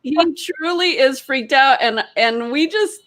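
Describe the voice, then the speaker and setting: A woman, a retreat leader, telling a story in casual chat with animated, laughing delivery. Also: a little slow. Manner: animated, laughing, quoting others in high voices. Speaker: energy healer and retreat leader.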